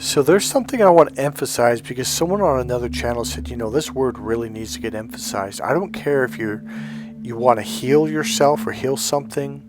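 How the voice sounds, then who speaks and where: A man's voice: medium pitch, a little fast, over music. A man giving a blunt, emphatic motivational monologue as a life coach, often acting out the voices he quotes.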